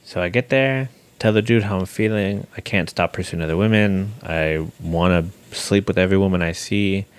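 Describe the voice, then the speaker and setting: A young man with a very deep voice talks candidly on a couple's podcast. He is blunt and self-deprecating and swears freely. His delivery stays casual. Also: moderate pace, clean tone. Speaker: podcast co-host.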